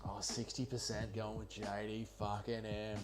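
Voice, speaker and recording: A man's voice: lowish voice, monotone, normal speed, music in the background. A man hosting a casual livestream watch party, tipsy and rambling loosely with plenty of swearing. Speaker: livestream host.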